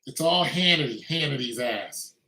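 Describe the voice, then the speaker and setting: Male commentator, emphatic repetitive ranter, bright pushed voice, echoey recording. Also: mid-range voice, lively intonation, moderate pace. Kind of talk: opinionated monologue.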